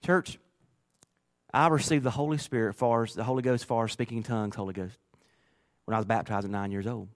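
A man pastor preaching a sermon through personal stories, earnest and emotional, moving from quiet to loud. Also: fairly low pitch, fairly even intonation, a little fast, pauses often. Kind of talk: storytelling sermon.

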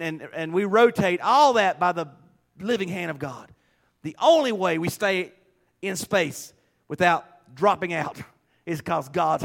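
A man's voice: on the high side, a bit bright. A man preaching a sermon in a folksy, emphatic storytelling manner.

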